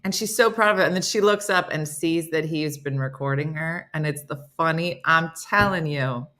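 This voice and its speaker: A middle-aged woman hosting a morning comedy show, chatting casually and telling animated funny stories. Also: moderate pace. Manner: animated storytelling, mimics voices in low growls.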